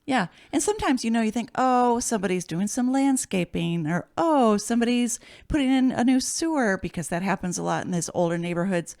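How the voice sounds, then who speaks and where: A woman's voice: fairly high pitch, lively intonation, fairly quick, few pauses, a little mellow, dry recording, clean studio sound. A middle-aged woman co-hosting a podcast in casual chat, easygoing and playful. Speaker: podcast co-host.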